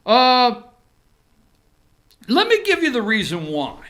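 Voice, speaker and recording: A man hosting an opinion show from an office room, giving animated political commentary with sarcastic asides and repeated phrases. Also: extremely high pitch, slow.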